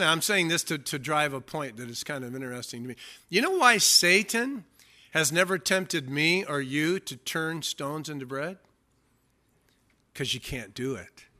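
A man's voice: a little high, bright, forceful tone. A male pastor preaching an expository sermon, emphatic and often asking the congregation questions.

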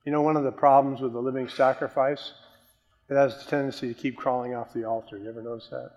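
A male preacher delivers an emphatic sermon at an ordinary middle pitch. He hits some words hard and lets others sink low and soft. His voice rings with the long reverb of a large hall. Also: flat delivery, quick pace, dull audio. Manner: emphatic, swinging between loud stresses and quiet drops.

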